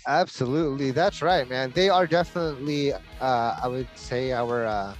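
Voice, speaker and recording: A man in casual conversation, riffing with crude jokes and quick agreement. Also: mid-range voice, soft background music. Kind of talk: casual profane banter.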